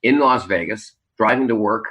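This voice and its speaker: A man's voice: fairly low pitch, moderate pace, pushed and bright, slightly rough, low-quality recording. A man from Canada, a Las Vegas magician, reflecting in a rambling way with many fillers in a casual interview.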